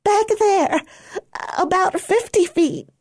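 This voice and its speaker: A woman voicing a frightened teenage girl who talks in a high, trembling, crying voice in an audiobook. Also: takes it slowly, a little mellow, dry recording, studio quality, full character voice. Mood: panicked. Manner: high trembling breathless pleading. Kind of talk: audiobook character voice.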